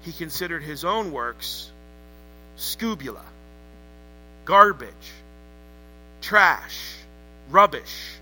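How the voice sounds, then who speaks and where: A man with a high, very bright, cutting voice preaching a sermon. He presses his points hard and calls on the congregation to say words back to him. Soft music plays faintly behind him. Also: animated, very slow, pauses often, low-quality recording. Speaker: pastor.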